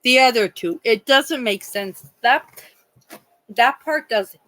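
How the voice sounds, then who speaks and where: Woman livestream host, unhurried, rambling and indignant, dry close sound. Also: on the high side, a bit bright, no echo, poor audio. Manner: rambling and indignant, many restarts, swears. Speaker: true crime livestream host. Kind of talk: casual livestream chat.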